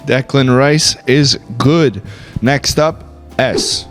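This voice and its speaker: A man's voice: medium pitch, very slow, fairly bright tone, faint music behind. Mock-formal male quiz announcer. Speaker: quizmaster and narrator. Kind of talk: quiz show hosting.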